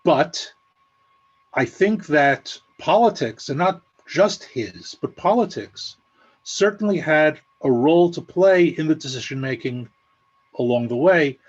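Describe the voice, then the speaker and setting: A man giving a measured, explanatory analysis with dry, sarcastic asides over a video call. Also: fairly high pitch, expressive, slightly rough, highs cut off. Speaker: guest analyst. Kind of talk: spoken analysis at an online meeting.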